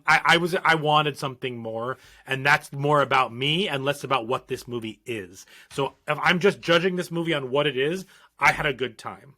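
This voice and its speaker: A man's voice: a little high, pushed and bright. A man co-hosting a horror podcast, musing in casual chat with long, restarting sentences. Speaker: podcast co-host.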